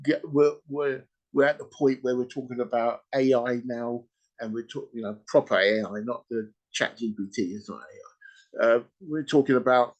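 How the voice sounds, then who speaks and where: A man hosting a podcast, retelling a story in casual chat, animated and peppered with "you know" and "right?". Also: mid-range voice, normal speed, highs cut off. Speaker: podcast host.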